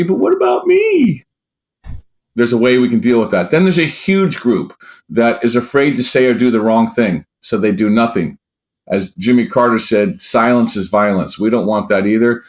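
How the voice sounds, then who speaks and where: A man speaking as a guest coach in an interview, emphatic and animated, who swears now and then and acts out quoted speech in a raised voice. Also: mid-range voice. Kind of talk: conversational interview answers.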